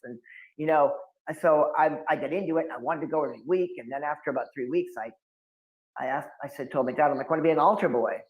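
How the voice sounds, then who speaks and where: A man's voice: on the high side, fast, highs cut off. A man in his fifties from New England, telling long stories as an occult expert guest and acting out the people he quotes. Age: 50s. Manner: animated storyteller acting out quotes. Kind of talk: storytelling interview. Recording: roomy echo.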